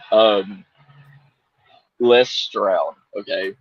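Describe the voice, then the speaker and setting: A man's voice: on the low side, animated, very slow, breathy edge, dull audio. A man co-hosting a casual live-stream chat show, laughing often and rambling.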